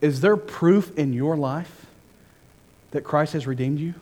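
A man preaching a sermon as senior pastor, telling stories and swinging from hushed asides to fervent, raised delivery. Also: on the high side, a little slow, long reverb tail.

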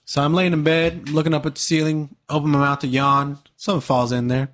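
A man's voice: fairly high pitch, level tone, brisk, a bit bright. Young man telling a profane story. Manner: profane storytelling, laid-back slang. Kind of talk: casual chat.

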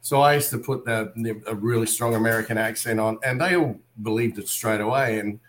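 An Australian man, a wrestler and actor, telling animated stories in a casual interview and acting out other people's lines as he goes. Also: on the low side, brisk, a little hiss or hum.

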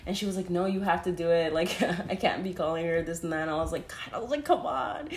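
A woman's voice: fairly low pitch, fast talker. Laughing young woman in a roomy space. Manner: laughs often, heavy use of "like", swears freely. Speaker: podcast co-host. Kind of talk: casual storytelling. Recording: roomy echo.

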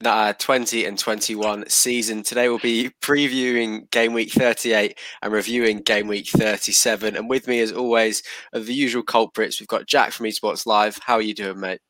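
A man's voice: fairly low pitch, steady tone, normal speed, a bit bright, no echo. A man hosting a fantasy football podcast, chatting casually and teasing his co-hosts with plenty of fillers. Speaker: podcast host. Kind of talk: casual chat.

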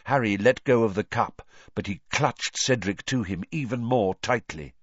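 A man narrating a novel as an audiobook, reading with expressive, dramatic storytelling. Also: fairly low pitch, moderate pace, breathy edge, no room sound, lo-fi sound.

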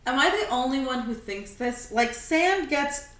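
A young woman from California talks on a podcast in a chatty, storytelling way, laughing along. Her voice sits a little high. An echoey room surrounds her. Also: animated, unhurried, a bit bright. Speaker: podcast co-host. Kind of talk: casual chat.

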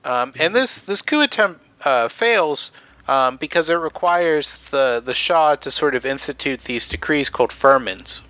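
Male podcast host, bright tone, casual rambling storyteller. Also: on the high side, animated, a little slow, dull audio. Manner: rambling storyteller, many fillers. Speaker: podcast host telling history. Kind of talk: casual chat.

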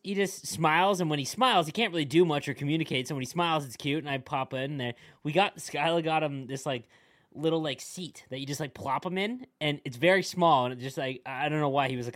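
A young man hosting a casual gaming podcast, chatty and quick to react. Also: medium pitch, a bit bright, no room sound, clean studio sound. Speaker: podcast host. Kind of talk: casual chat.

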